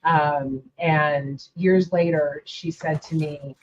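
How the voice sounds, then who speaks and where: Low-voiced woman on dull lo-fi audio. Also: steady tone, takes it slowly, a little mellow. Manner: reflective, acts out quoted dialogue. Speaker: podcast host. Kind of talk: casual conversation.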